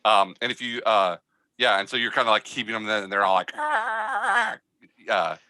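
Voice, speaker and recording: A man narrating a tabletop game as game master, telling the scene in a loose, halting way with many fillers. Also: lowish voice, steady tone, pushed and bright, no room sound. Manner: hesitant, filler-heavy storytelling.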